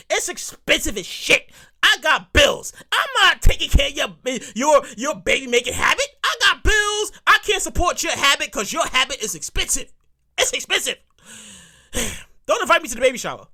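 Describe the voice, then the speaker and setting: A high, bright voice with a New York accent drives a solo podcast rant. The host bounces all over in pitch, repeats lines for punch and swears casually. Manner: excitable, repeats phrases, swears freely.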